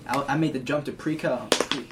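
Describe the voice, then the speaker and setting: A man's voice: mid-range voice, normal speed. A teenage man in casual chat, telling rambling stories in heavy slang. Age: teens. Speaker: co-host. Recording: distant mic with background hiss.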